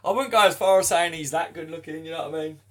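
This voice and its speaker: A chatty young man hosts a casual football live stream, reading out viewer comments and laughing along. His voice sits a touch high for a man. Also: fast talker, a bit bright, soft background music.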